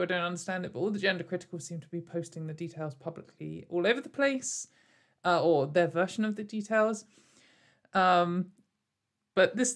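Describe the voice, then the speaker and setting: A woman hosting a casual commentary show, rambling and sarcastic, with lots of fillers and little laughs. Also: fairly low pitch. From United Kingdom. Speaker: commentary video host.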